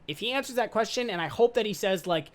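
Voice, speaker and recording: A young man in his twenties with a slightly higher-than-average voice, hosting his own podcast. He talks off the cuff, loose and slangy with the odd swear word. He sounds upbeat and excitable. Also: fast talker. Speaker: podcast host. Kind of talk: casual podcast monologue.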